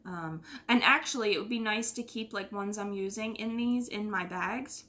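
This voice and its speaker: A woman's voice: medium pitch, moderate pace, sharp tone. A middle-aged woman from the United States hosting her knitting podcast in a rambling, casual chat full of fillers and sighs. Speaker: podcast host.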